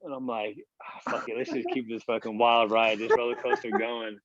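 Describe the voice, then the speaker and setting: A man's voice: medium pitch, little pitch movement, brisk, a bit bright, dry recording. A man in his thirties, a podcast guest, telling a long story casually, rambling and swearing with lots of filler words. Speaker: podcast guest, basketball player. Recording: dull, dry lo-fi sound.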